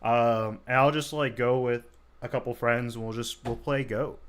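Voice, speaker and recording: A man casually commentating a card game match, relaxed and chatty with lots of fillers. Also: mid-range voice, moderate pace.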